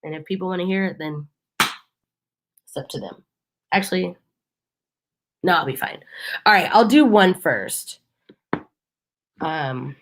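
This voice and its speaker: A woman vlogger in casual chat, telling a story in a chatty way full of fillers. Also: lowish voice.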